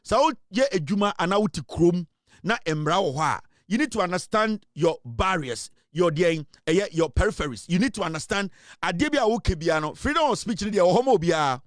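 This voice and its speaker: A man with a Ghanaian accent delivers heated political commentary in a high, animated voice. He is emphatic, with frequent fillers and quick shifts between English and Twi. The sound is dry and close. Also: dry recording.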